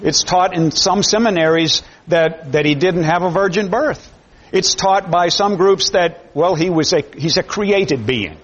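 A man's voice: high voice, measured pace, fairly bright tone, husky. A man preaching a sermon to his congregation, emphatic, often repeating words as he builds each point. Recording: dull lo-fi sermon recording.

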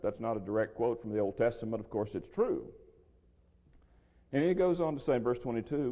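A man teaching through a Bible passage verse by verse, measured and explanatory, with a dry throat he soothes with water. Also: mid-range voice, expressive, warm tone. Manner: measured, explanatory, restarts phrases. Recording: lo-fi with long hall reverb.

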